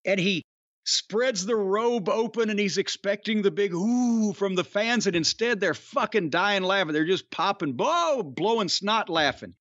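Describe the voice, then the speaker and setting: High-voiced man telling rowdy stories. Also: moderate pace, no room sound, muffled recording. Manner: rambling, profane, animated storytelling. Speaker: former pro wrestler telling stories. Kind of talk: casual podcast chat.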